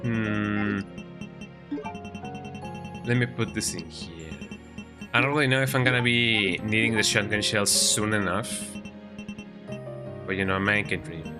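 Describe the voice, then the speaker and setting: A man's voice: on the low side, measured pace, pauses often. Rambling young man streaming a game. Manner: rambling, talks sweetly to his cat in baby talk. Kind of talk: casual gameplay commentary. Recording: game music behind the voice.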